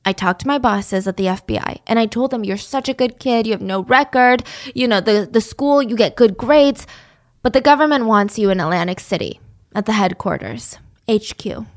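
A woman's voice: a little high, expressive, normal speed. A woman voicing a middle-aged man posing as an FBI agent, coaxing and persuasive. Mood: smooth.

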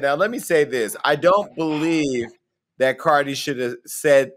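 A man's voice: fairly high pitch, measured pace. A man hosting a casual entertainment talk show, chatty and opinionated as he speaks to viewers. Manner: conversational, opinionated, addressing viewers. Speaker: host.

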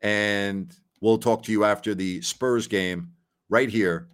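A man in his sixties hosts a casual sports talk show. His voice sits on the low side, and he chats in a folksy, rambling way full of exclamations. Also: steady tone, takes it slowly. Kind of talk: casual chat.

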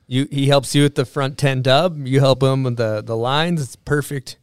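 A man's voice: medium pitch, fairly even intonation, normal speed, clear, resonant tone, no room sound, clean studio sound. A man hosting a podcast, asking chatty, admiring questions with some fillers. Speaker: podcast host. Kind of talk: casual podcast interview.

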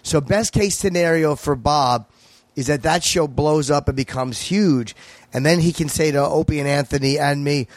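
A man's voice: on the high side, dry recording. A man, a comedian guest, talking casually on a podcast, telling stories bluntly and swearing freely. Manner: blunt, profane, quick storytelling.

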